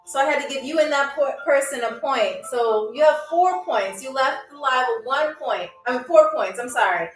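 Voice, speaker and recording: A woman's voice: high-pitched, animated, normal speed, few pauses. A woman hosting a live-streamed game show, playful and teasing as she talks straight to her chat. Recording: echoey room with faint music.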